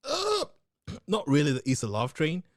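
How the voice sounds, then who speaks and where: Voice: mid-range voice, huge pitch swings, normal speed, dry recording. A podcast co-host trading dry, teasing banter and laughing often. The voice swings up and down a lot. The sound is close and dry. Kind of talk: casual chat.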